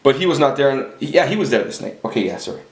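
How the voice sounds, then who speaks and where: A man's voice: mid-range voice, expressive, quick pace. A man telling a personal story in a rambling, profane, blunt monologue to a camera. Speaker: vlogger. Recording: echoey room.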